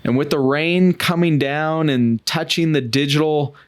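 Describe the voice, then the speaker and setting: A man's voice: a little high, measured pace. A man hosting a podcast, telling a travel story in a chatty, self-joking way. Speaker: podcast host. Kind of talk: casual podcast monologue.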